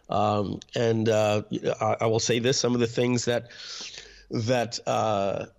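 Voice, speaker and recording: A man being interviewed, reflectively telling family stories about his upbringing and often clearing his throat. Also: medium pitch, darkish tone. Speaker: interview guest, internet marketer. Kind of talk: personal storytelling in an interview.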